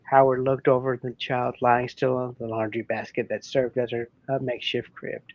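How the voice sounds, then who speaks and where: A man co-hosting a podcast, reading a story aloud in a halting way with small slips. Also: medium pitch, level tone. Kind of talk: casual storytelling read-aloud. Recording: dull lo-fi, dry sound.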